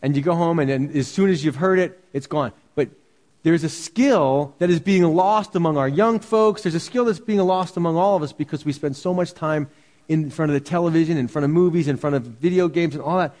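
A man's voice: on the high side, fairly quick, darkish tone, long reverb tail. A man preaching a sermon as pastor, earnest and full of rhetorical questions.

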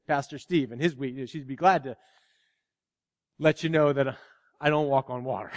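A man preaching a sermon as pastor, animated, dropping to a hush and acting out quoted lines. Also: mid-range voice, moderate pace. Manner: animated, swings from loud to hushed, acts out quotes. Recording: long hall reverb.

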